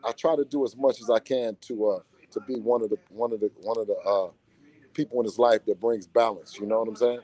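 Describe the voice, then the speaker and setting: Talking a little fast in a fairly low voice, a man who is a boxer's father and manager chats casually in an interview. He's animated and slangy and tends to say things more than once.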